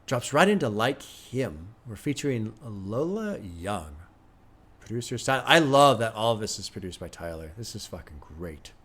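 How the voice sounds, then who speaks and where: A man's voice: lowish voice, big pitch swings, normal speed, a bit bright, slightly rough. A man streaming his music reactions, talking casually and candidly with some swearing and short rants, and mentioning his son. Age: adult with a son. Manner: candid, profane, chatty, breaks into brief rants. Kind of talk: casual live-stream commentary.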